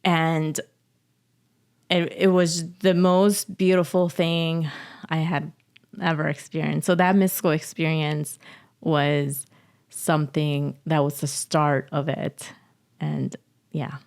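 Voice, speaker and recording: A woman telling a personal story as a podcast guest, emotional and halting, often laughing. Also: low-pitched, little pitch movement, gravelly, darkish tone. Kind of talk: casual interview storytelling.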